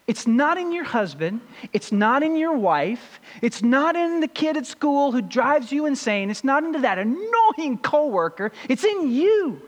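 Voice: high voice, big pitch swings, a little slow, long reverb tail. A pastor preaching a sermon with emphasis and putting rhetorical questions to the congregation.

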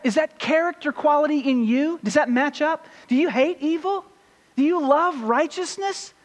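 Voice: high-pitched, long reverb tail. A pastor preaching a sermon with emphasis and putting rhetorical questions to the congregation.

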